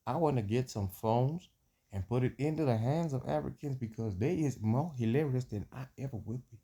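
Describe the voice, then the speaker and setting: A man's voice: mid-range voice, mellow, husky. A man putting on a slangy American drawl as a brash streetwise man. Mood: earnest. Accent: put-on American. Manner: boastful, slangy, slow and drawling.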